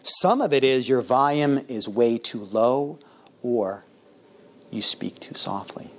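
An older man gives a casual classroom lecture in a middle-pitched voice. He talks conversationally, pausing and restarting, and his loudness swings widely from phrase to phrase. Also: animated, noisy background. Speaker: instructor.

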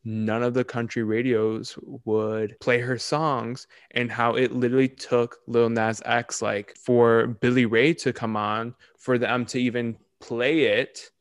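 A young man co-hosting a podcast in casual chat, talking in quick, animated bursts and laughing often. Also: mid-range voice, smooth, no echo, clean studio sound. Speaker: podcast co-host.

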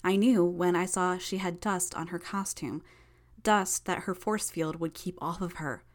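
A sharp-tongued young villainess, hurt and strained, as a woman narrator acts her out. She talks in short, breathy bursts, knowing and clipped, in an audiobook reading. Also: lowish voice, fairly even intonation, a little slow, lightly acted. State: in pain, strained.

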